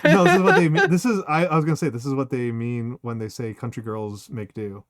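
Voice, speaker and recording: A man's voice: medium pitch, lively intonation, fast talker, a crowd in the background. A man hosting a live stream, chatting casually, rambling with repeated words and frequent laughs. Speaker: streamer host.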